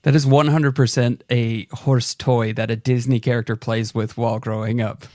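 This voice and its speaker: A man co-hosting a casual podcast, tossing out playful guesses and quick wisecracks. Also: mid-range voice, little pitch movement, darkish tone, no room sound, studio quality. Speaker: podcast co-host.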